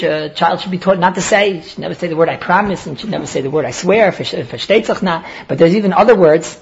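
A man's voice: sits high, highs cut off. A man giving a daily Talmud lecture in an earnest way, often restarting and repeating words as he explains. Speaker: Talmud teacher.

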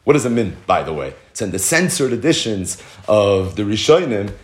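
A man's voice: on the low side, very animated, moderate pace. A man teaching a Talmud lesson, quoting Hebrew and Aramaic phrases, translating them into English and asking rhetorical questions. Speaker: Torah teacher.

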